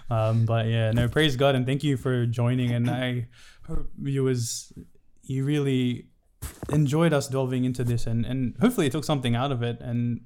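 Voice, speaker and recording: A man's voice: medium pitch, steady tone, moderate pace, a little mellow. A man hosting a podcast who wraps up the interview in a friendly way, with plenty of ums and likes. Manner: friendly, with filler words. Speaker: podcast host. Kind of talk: casual interview wrap-up.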